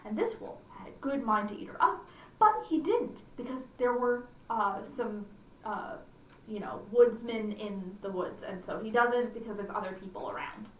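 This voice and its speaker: Animated librarian reading to kids. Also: female voice, on the high side, normal speed. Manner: chatty, with fillers and restarts. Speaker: children's librarian. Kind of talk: storytime read-aloud. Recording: roomy echo, distant mic, faint hum.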